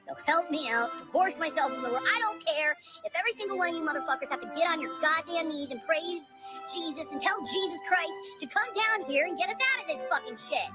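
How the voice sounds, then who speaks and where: A woman's voice: high voice, lively intonation, fast talker, poor audio. A woman in an angry, profane ranting monologue, stammering and exasperated as she vents. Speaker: vlogger. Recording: cheerful old song playing loudly underneath. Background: music.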